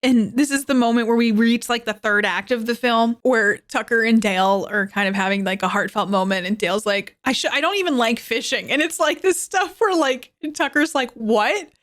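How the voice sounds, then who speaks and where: A young woman hosting a podcast, retelling a movie's plot in a casual, animated way and laughing often. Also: a little high, normal speed. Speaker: podcast host.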